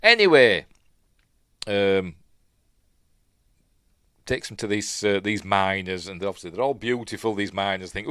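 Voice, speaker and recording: Yorkshire man, low voice, dry close sound, chatty rambling live commentary, lots of ums. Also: no room sound. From Yorkshire, England. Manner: rambling, chatty, lots of fillers, self-correcting. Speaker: host. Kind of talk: casual live commentary while watching.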